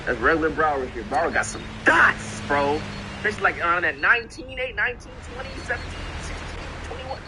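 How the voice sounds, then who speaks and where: A young man from Florida telling a long story on a casual stream, with lots of swearing and loud re-enacted quotes. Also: fairly high pitch, a little fast, background noise. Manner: profane, animated, repeats himself, acts out quotes.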